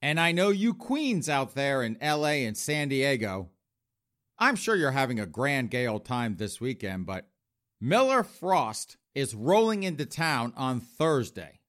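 A man's voice: mid-range voice, big pitch swings, unhurried, fairly bright tone. A man hosts a podcast with a mocking, campy comedic monologue. His voice swoops up and down constantly while he rattles off jabs. He sits in a middle register for a man. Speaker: podcast host.

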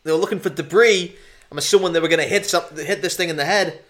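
A man's voice: on the high side, fast, fairly bright tone. A man playing a tabletop role-playing game, chatting casually and playfully. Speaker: player.

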